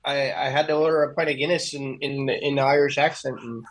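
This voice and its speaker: A man's voice: mid-range voice, flat delivery, fairly quick, poor audio. A young adult man co-hosting a casual talk show, rambling with many fillers and restarts. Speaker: co-host.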